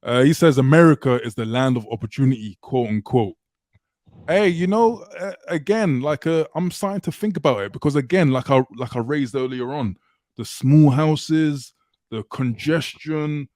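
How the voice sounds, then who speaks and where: A man's voice: mid-range voice, normal speed, a little mellow, no echo. A man hosting a casual livestream, chatty, hyping up viewers and reading out their messages. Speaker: livestream host. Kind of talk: casual livestream chat, reading super chats.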